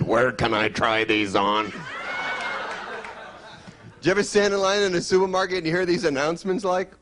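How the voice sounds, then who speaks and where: Quick, teasing stand-up comedian, a man. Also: sits high, a bit bright, a little hiss or hum. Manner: quick, teasing banter with the crowd. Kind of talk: stand-up routine, then chat. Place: stage before a live audience.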